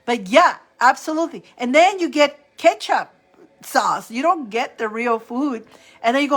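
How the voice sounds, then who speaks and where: A woman's voice: high voice, animated, moderate pace, fairly bright tone. Chatty woman from Italy, laughing often. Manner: chatty, laughs often, greets viewers by name. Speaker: tarot reader hosting a live stream. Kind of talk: casual live-stream chat.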